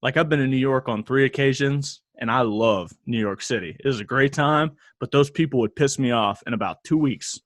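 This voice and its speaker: Young guy on a podcast, chill, kinda rambly, mid pitch, dry close sound. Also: a little fast, few pauses, dry recording. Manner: relaxed, thinks aloud with restarts. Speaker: podcast co-host. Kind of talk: casual chat.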